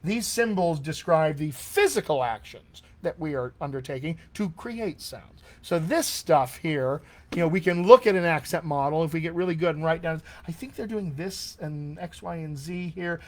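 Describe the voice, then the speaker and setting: Middle-aged guy teaching accents on a live stream, slightly high voice, eager and chatty, lots of asides. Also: animated, normal speed. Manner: enthusiastic, conversational teaching with frequent asides. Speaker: dialect coach.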